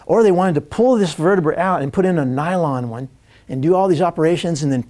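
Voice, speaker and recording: A man telling a personal story to a live audience, animated and laughing, acting out other people's lines as he goes. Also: on the high side, fast talker. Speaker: spiritual speaker.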